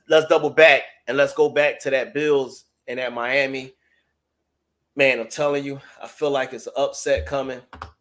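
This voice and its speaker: A man hosts a sports talk live stream in a loose, casual way. He talks straight to his viewers and reacts to their chat messages. His voice sits at an ordinary middle pitch for a man.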